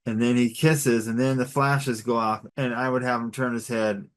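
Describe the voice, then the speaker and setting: A middle-aged man talks through a storyboard critique in an easygoing, encouraging voice. His tone stays conversational and unhurried, at an ordinary mid pitch for a man. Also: little pitch movement. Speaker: storyboard artist giving a critique. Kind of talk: casual critique over drawings.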